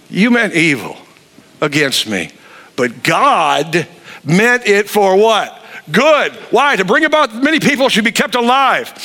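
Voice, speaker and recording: A man preaching a sermon, animated, acting out the people he quotes. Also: a little high. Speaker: pastor.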